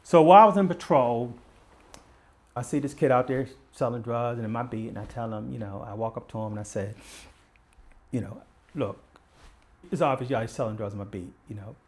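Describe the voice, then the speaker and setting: A man's voice: medium pitch, a little fast, pauses often, darkish tone. An older man from Baltimore, a retired police detective telling stories as a guest and acting out the lines of the people in them. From Baltimore, USA. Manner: vivid storyteller who acts out quoted dialogue. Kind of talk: conversational storytelling.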